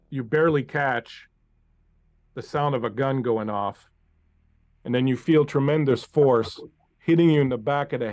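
A man running a tabletop game as game master, narrating scenes to a player in an unhurried, second-person way over an online call. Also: mid-range voice, darkish tone, no echo.

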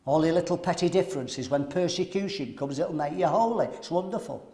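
A man preaching at a men's seminar, animated and throwing rhetorical questions to the audience. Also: fairly high pitch, fairly quick.

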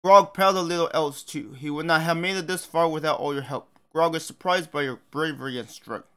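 A man's voice: fairly high pitch, brisk, sharp tone, clear, resonant tone. A man voicing a loyal, humble male troll who talks in broken speech and calls himself by name. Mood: earnest.

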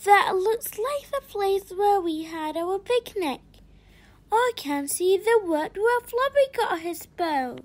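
A frightened, unhappy little boy, played by a woman in a storybook reading. He frets and complains in a high voice that rises and falls a lot. The delivery is slow. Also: lively intonation, full character voice. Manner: fretful, complaining.

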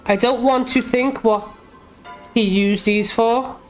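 High-voiced woman gamer. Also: fairly even intonation, slow pace, soft background music. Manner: chatty, talks to herself and the game, shrieks when scared. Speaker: gaming YouTuber. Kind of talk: casual let's-play commentary.

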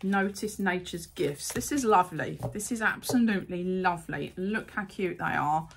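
A woman's voice: on the low side, normal speed, vocal fry, a little hiss or hum. Chatty, gushing woman. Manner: chatty and gushing, says "proper cute". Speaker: unboxing vlogger. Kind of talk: casual unboxing chat.

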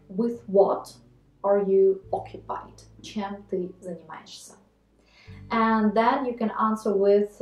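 A woman co-hosting a video language lesson, explaining clearly and repeating example phrases slowly. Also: mid-range voice, a little mellow. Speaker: language teacher co-host. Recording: echoey room with faint guitar music.

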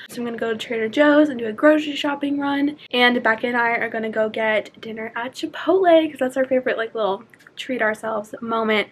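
A woman's voice: a little high, slight background noise. Bubbly young woman vlogging from her dorm. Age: young adult. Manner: bubbly, chatty, gushing. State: out of breath. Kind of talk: casual vlog chat. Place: college dorm room.

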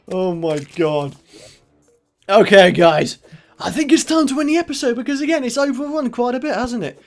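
A young man commentating his own gameplay, excitable, laughing often and shouting when in trouble. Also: extremely high pitch, normal speed, soft background music. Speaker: gaming channel host. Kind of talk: let's play commentary.

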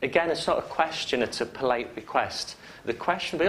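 A man's voice: medium pitch, expressive, fairly quick, hardly any pauses, a bit bright, low-quality recording. A man with a Geordie accent teaching hypnotherapy to a live class, joking and acting out example phrases. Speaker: hypnotherapy trainer. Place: training room with students.

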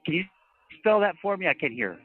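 A man's voice: sits high, very animated, a little fast, husky. A man managing a nightclub, answering the phone in a confused, curt, businesslike way. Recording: tinny phone line, distant from the mic.

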